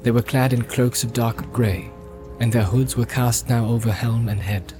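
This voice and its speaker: A man reading a fantasy audiobook in a steady, measured storytelling voice. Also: mid-range voice, over music. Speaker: audiobook narrator. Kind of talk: scripted narration.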